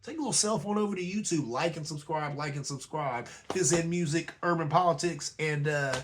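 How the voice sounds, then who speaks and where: A man's voice: fairly high pitch, brisk, fairly bright tone, a little hiss or hum. A man hosting his own talk show, speaking in a loose conversational way and often asking "you know what I'm saying?". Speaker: host. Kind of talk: casual commentary monologue.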